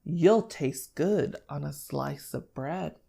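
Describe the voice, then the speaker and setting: A woman's voice: sits low, animated, slow pace, gravelly, dark tone, slightly rough, full character voice. A woman voicing a big, hungry, gullible male forest monster while reading a picture book aloud, drawing her words out.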